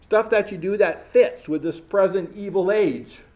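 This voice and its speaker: A man preaching a sermon in a slightly higher voice. He drives each point home by repeating it. He talks straight to the congregation. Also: unhurried, a little mellow. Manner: repetitive, emphatic.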